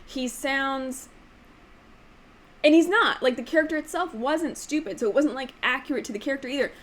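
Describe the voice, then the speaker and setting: Chatty woman with a high voice. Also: expressive, fast, slight background noise. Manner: chatty, emphatic, frequent "like" fillers; demonstrates voices with sudden pitch jumps. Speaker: book channel host. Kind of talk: casual opinion vlog.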